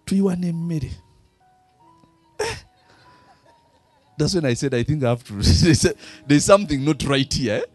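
A man's voice: fairly high pitch, lively intonation, moderate pace, long pauses, no room sound, faint music behind. A man with a Ugandan accent preaching a sermon, throwing fill-in questions to the congregation. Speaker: pastor.

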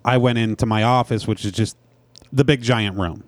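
A man's voice: medium pitch, fairly even intonation, normal speed, dry recording. A man hosting a podcast, telling a rambling story in casual chat. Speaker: podcast host.

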